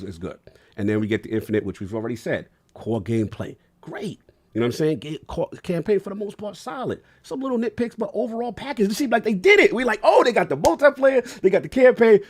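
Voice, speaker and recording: A man's voice: lowish voice, darkish tone. A man, talking emotionally and in slang as a podcast co-host. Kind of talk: casual podcast chat.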